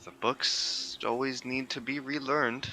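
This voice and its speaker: A man playing a tabletop game, saying his character's lines slowly and deliberately. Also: medium pitch, fairly even intonation, sharp tone, slight background noise, rough recording. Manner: slow, measured in-character lines.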